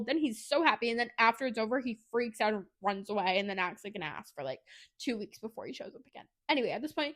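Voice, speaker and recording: High-voiced chatty woman podcaster. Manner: chatty, animated retelling with laughs and asides. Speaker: podcast co-host. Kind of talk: casual book review chat.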